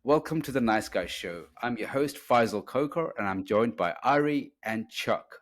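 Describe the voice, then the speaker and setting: A man hosting a podcast as a relationship coach, telling stories in an animated way and acting out arguments with a raised voice. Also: mid-range voice, normal speed. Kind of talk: casual podcast chat.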